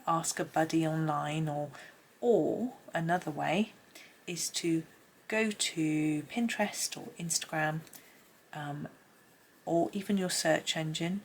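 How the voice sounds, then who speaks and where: A woman giving a casual colouring tutorial at home, chatty and rambling, often dropping into soft asides under her breath. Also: low voice, vocal fry, a little hiss or hum. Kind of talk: casual colouring tutorial, talking while drawing. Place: home room with pencils scratching on paper.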